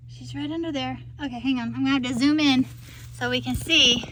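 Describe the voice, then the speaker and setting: Woman, farm vlogger, bright high voice, half-yelling into a phone camera outdoors. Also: fairly even intonation, a little fast, a little hiss or hum. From Florida. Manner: half-yelling to be heard without a mic. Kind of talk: casual vlog narration. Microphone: phone camera, no external mic.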